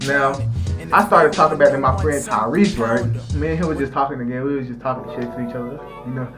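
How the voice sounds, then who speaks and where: A young man telling a casual story in a loose, rambling way, restarting his sentences and tossing in slangy asides. His pitch sits in the middle, and faint music plays behind him. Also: a little fast. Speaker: storytelling vlogger.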